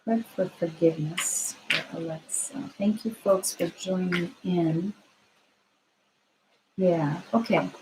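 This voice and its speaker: Gentle woman reading tarot cards live. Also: fairly low pitch, fairly even intonation, slow pace, noisy background. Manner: gentle, reassuring, thinks aloud with frequent fillers. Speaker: tarot card reader. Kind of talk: live-stream card reading, answering viewer questions.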